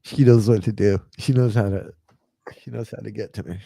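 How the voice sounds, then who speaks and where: Low gravelly guy, dark mellow voice, deadpan jokes, dry close mic. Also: brisk, no room sound. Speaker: podcast co-host. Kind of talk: casual chat.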